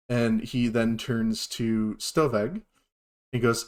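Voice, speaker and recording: A man narrating as game master of a tabletop role-playing game, relaxed and full of fillers. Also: mid-range voice, slow pace.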